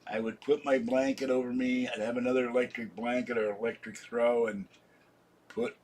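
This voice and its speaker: A drowsy man in his seventies talks to his live-stream viewers with a husky, slightly breathy voice. His pitch sits in an ordinary middle range, and he rambles on, yawning and sleepy, in a loose chatty way. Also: flat delivery, normal speed, darkish tone. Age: 70s. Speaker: channel host. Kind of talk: casual live-stream chat.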